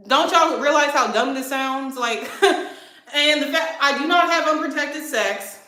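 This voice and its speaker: Brash, sharp-voiced young woman ranting. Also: sits high, a little slow. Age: 20s. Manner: brash, profane, defiant. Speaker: vlogger answering viewer comments. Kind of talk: heated livestream rant. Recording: echoey room.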